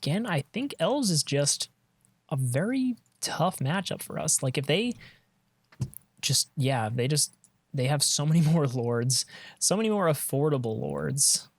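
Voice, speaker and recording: A man's voice: a little high, animated, unhurried, breathy edge, no echo. A man giving casual commentary on his own card game match, thinking aloud and trailing off mid-sentence, on a close desk mic.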